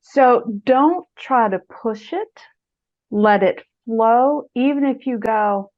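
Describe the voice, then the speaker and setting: On the high side and taking it slowly, a middle-aged author shares writing tips as an interview guest. She's a lively storyteller who performs quotes in a raised voice, and the recording is muffled and lo-fi.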